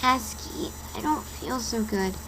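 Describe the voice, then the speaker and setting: A woman voicing a frightened, emotional teenage girl who stammers and cries out in a high voice. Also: steady tone, moderate pace, fairly bright tone, slight background noise, lightly acted, low-quality recording. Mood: weary.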